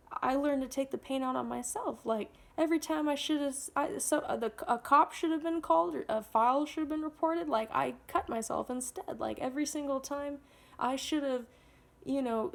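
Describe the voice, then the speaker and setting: A woman's voice: fairly high pitch, creaky. A woman in her twenties telling a personal story to camera, blunt and candid, swearing freely and rambling with lots of fillers. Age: 20s. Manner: rambling, heavy use of filler "like". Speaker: vlogger.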